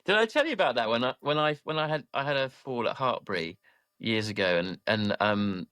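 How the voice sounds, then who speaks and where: A man co-hosting a podcast, who speaks in a lively, reassuring way with stumbling restarts. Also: medium pitch, brisk, smooth, no room sound, clean studio sound. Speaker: podcast co-host. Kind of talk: casual podcast chat.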